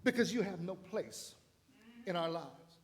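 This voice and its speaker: A man's voice: sits high, animated, measured pace, soft background music. A man ministering in church, preaching a sermon with dramatic build-ups and acted-out voices. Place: church sanctuary.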